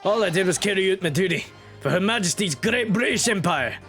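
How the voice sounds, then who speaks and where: A man's voice: high voice, lively intonation, fairly quick, a bit bright, faint music behind, voice pushed up. A man voicing a blunt, defensive older male prison warder with a put-on Scottish-ish burr. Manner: blunt, defensive, plain-spoken.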